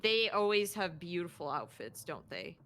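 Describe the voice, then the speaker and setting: A young adult woman who made the game talks casually about its design in developer commentary, hesitant and stammering through restarts, with laughing asides. Her voice is fairly low and fairly bright, very animated, at a normal speed. There's a little hiss or hum.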